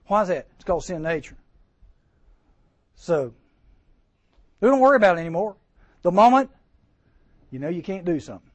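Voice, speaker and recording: A man preaching a sermon to teens, lively and joking, acting out voices and asking the crowd questions. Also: sits high, moderate pace, long pauses, no room sound. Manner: lively, acts out voices, jokes, rhetorical questions. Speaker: camp speaker.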